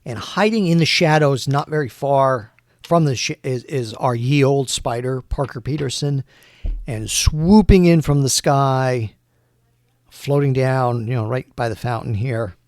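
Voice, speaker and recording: A man narrating a solo tabletop game, thinking aloud with many pauses. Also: mid-range voice, darkish tone, no echo, clean studio sound.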